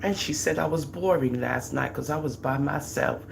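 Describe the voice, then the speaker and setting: Her pitch is extremely low and carries vocal fry, delivered at a moderate pace over slight background noise. She's a middle-aged Jamaican-accented woman hosting a casual livestream, animated and teasing as she shows off about her children.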